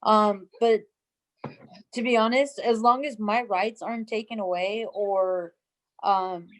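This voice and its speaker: A woman's voice: medium pitch, steady tone, takes it slowly, low-quality recording. A woman chatting casually on a panel show, telling a story and acting out the quotes. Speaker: co-host.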